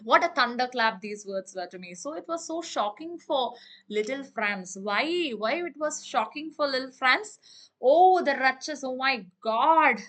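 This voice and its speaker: A woman's voice: high-pitched, lively intonation, normal speed, sharp tone. A young woman, a teacher reading a story aloud and explaining it line by line, with many fillers and restarts. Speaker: English teacher.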